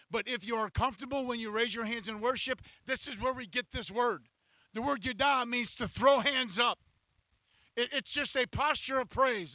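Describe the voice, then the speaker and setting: Male pastor, sermon, very high voice, dry close sound. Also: no echo, poor audio. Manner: impassioned preaching, acting out scripture in first person, building to shouts. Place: church.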